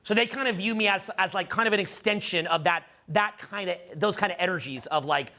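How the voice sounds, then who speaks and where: Middle-aged man addressing a live audience, emphatic and repetitive, with a high, bright voice. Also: brisk. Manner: emphatic, repeats phrases, many fillers. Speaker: dating coach speaking to a live audience. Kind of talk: animated seminar talk.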